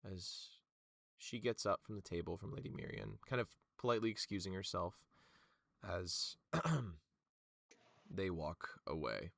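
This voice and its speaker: A man's voice: low voice, lively intonation, takes it slowly, vocal fry, fairly bright tone, no room sound, clean studio sound. A man narrating as game master in a tabletop game, with loose narration full of fillers.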